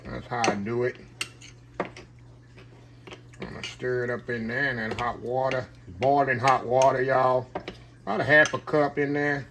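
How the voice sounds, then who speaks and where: A man's voice: medium pitch, level tone, normal speed, long pauses, background noise. An older man hosting a casual home cooking video, chatting folksy with viewers as he works in his kitchen. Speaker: home cooking channel host.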